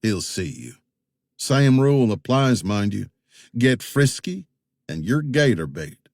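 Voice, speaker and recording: A man voicing a menacing backwoods boatman with a shotgun in an audiobook, with slow rural threats. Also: lowish voice, very animated, a little mellow, dry recording, clean studio sound, heavily acted.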